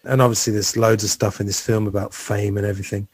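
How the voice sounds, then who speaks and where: A man's voice: fairly low pitch, little pitch movement, fast, husky, dry recording. Chatty man hosting a film podcast. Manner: chatty, rambling, trivia-filled storytelling. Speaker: podcast host. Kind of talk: casual film podcast chat.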